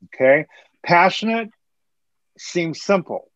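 A man's voice: sits high, animated, slow, a bit bright, dry recording. Earnest, preachy man on dull call audio. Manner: earnest, preachy, rambling with restarts and laughs. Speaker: podcast co-host, hair color educator. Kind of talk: casual podcast chat.

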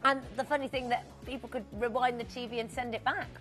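A woman presenting live TV shopping, chatting warmly with viewers in a bubbly, talkative way. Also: on the high side, steady tone, fast, faint music behind. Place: TV studio.

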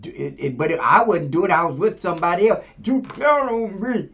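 A man in his seventies preaching a sermon as pastor, shifting between quiet talk and shouts. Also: lively intonation, normal speed. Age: 70s. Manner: preaching, swings from low to shouting. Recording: dull lo-fi radio sound.

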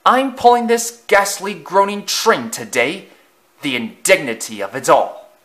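A man's voice: high-pitched, lively intonation, measured pace, a bit bright, pitched above the performer's own voice. A man voicing an arrogant male steam engine in a storybook reading, haughty and snapping. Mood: disdainful.

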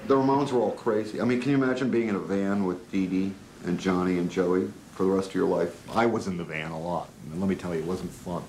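A man speaks wryly and quickly in a documentary interview, his voice very deep. The room is echoey, with faint noise. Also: steady tone, a little mellow. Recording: roomy echo.

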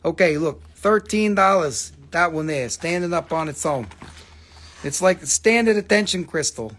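A man's voice: a little high, lively intonation, normal speed, fairly bright tone. A man hosting a live crystal sale, rambling and joking as he swears freely and talks to viewers by name. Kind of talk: casual live sales pitch.

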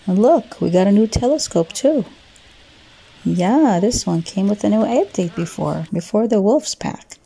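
Husky-voiced woman narrating gameplay. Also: mid-range voice, expressive, a little slow, mellow. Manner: chatty, narrating while building. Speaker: let's play host. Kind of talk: casual game narration.

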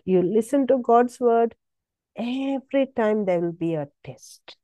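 A woman's voice: on the high side, sing-song, a little slow, mellow, no room sound, muffled recording. A woman preaching a sermon, exhorting with emphatic repetition and sudden rises in her voice.

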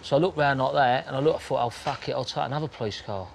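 A plain-spoken man spins a rough tale in his own words, cursing freely and jumping into quick voices for the people in it. His pitch sits mid-range, with a faint hiss of noise behind him. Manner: blunt, swearing, acts out scenes with quick quoted voices. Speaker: interviewee recounting his crimes. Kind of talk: casual storytelling.

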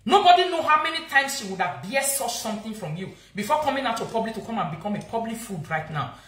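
A woman's voice: on the high side, very animated, fast, fairly bright tone, roomy sound. A woman with a Nigerian accent, scolding and insulting someone in a heated live-video rant. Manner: angry, insulting, repetitive scolding. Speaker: social media vlogger.

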